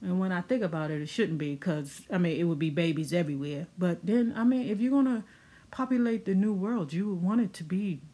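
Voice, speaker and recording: A woman's voice: fairly low pitch, lively intonation, brisk, dark tone. A woman casually recapping a TV episode in a sassy, chatty way full of slang asides. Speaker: TV recap vlogger.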